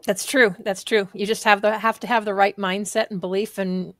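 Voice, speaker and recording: A woman's voice: mid-range voice, little pitch movement, normal speed, fairly bright tone, no room sound. A woman hosting a podcast interview, affirming her guest and asking open questions. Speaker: podcast host. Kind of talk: conversational interview.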